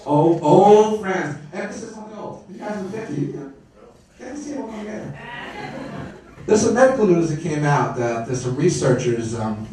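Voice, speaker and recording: Brash comic in an echoey club. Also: male voice, a little high, normal speed, a little mellow, distant mic. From Brooklyn, New York. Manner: brash, wisecracking, crowd work. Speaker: stand-up comedian. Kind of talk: stand-up comedy set. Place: comedy club stage.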